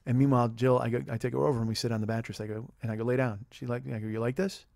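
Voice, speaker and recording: A man ranting fast with a profane streak. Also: medium pitch, flat delivery, gravelly, darkish tone, no room sound, clean studio sound. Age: 40s. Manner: profane, rambling, self-deprecating. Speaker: podcast host. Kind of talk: comedic storytelling.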